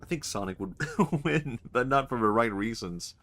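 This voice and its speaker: A man's voice: mid-range voice, lively intonation, moderate pace, fairly bright tone. A young man streaming a video game, rambling and joking, often swearing and laughing at his own bits. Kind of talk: casual gameplay commentary.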